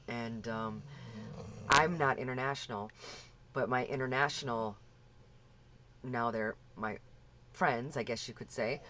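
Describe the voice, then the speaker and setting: Heated and profane, this scam-victim vlogger directs an angry rant at a scammer straight to camera, repeating phrases and starting sentences over. The mid-range voice sounds pushed and bright. A little hiss or hum sits in the background.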